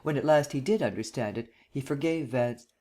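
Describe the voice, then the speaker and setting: Male audiobook narrator, measured even storytelling, medium pitch.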